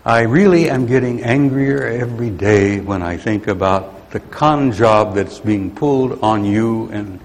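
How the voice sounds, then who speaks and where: A man's voice: fairly low pitch, unhurried, few pauses, slight background noise. Grumpy old guy venting to a crowd, folksy rambling talk, big echoey hall. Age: older. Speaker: speaker addressing an audience. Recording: long hall reverb.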